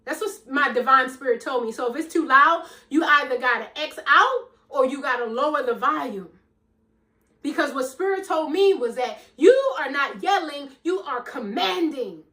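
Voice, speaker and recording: Loud, commanding high-voiced woman coach. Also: lively intonation, normal speed, recorded from a distance. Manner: emphatic, preacherly, calls listeners "baby" and "girl"; self-described loud, commanding voice. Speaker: life coach. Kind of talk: motivational talk.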